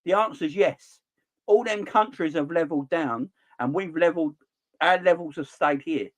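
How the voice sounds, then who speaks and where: A middle-aged man ranting about football in an animated, exasperated way. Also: on the high side, moderate pace. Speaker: football channel host. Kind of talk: opinionated football rant.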